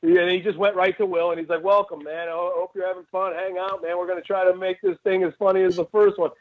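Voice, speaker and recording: A man's voice: high voice, level tone, fast. A man from Cleveland, a comedian telling rambling stories in a casual interview, laughing often and restarting his sentences. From Cleveland, Ohio, USA. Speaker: comedian guest. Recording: tinny phone-like line.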